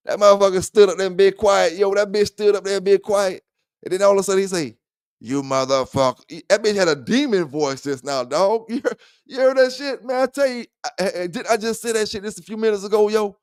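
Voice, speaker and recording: A man's voice: high voice, fast, clean tone, dry recording, studio quality. A man hosting a livestream dog talk show, chatting loosely with viewers in profane trash talk and laughing often. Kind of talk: casual livestream chat.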